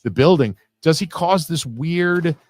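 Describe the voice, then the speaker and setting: A man's voice: on the high side, expressive, measured pace, darkish tone, no room sound. A man giving a live, casual film commentary, swearing freely and wandering off on tangents with lots of fillers. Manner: casual, profane, digressive with frequent fillers.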